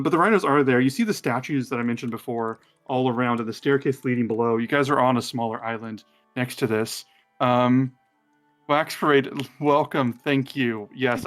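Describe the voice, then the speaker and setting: A man running a tabletop game, talking at a middling pitch. He narrates in a loose, hesitant way, full of pauses and fillers, with faint music in the background. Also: fairly bright tone. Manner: rambling, hesitant, many fillers. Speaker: game master.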